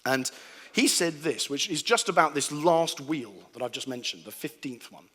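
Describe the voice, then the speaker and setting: A man's voice: on the high side, expressive, normal speed, sharp tone, slightly rough, in a large hall. A man giving a humorous sermon to a live audience, acting out sounds and voices as he tells stories. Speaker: preacher giving a talk. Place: large hall before an audience.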